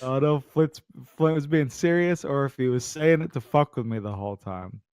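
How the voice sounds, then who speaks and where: A man's voice: mid-range voice, brisk, a little mellow, clear, resonant tone, no room sound, clean studio sound. A man co-hosting a casual gaming podcast, telling stories with a lot of swearing and mocking voices, sounding sick. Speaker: podcast co-host.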